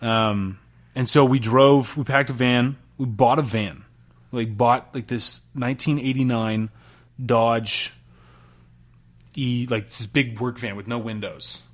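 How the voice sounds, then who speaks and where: A man's voice: mid-range voice, slow. A man in his thirties from Utah, a chef telling stories casually in an interview, with lots of fillers and the odd swear. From Salt Lake City, Utah. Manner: relaxed storytelling, many fillers, laughs and swears. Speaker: chef, podcast guest.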